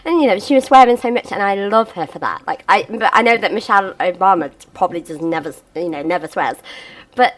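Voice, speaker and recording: A woman's voice: mid-range voice, quick pace, few pauses. A woman co-hosting a podcast, chatting expressively and musing aloud. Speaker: podcast co-host. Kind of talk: casual chat.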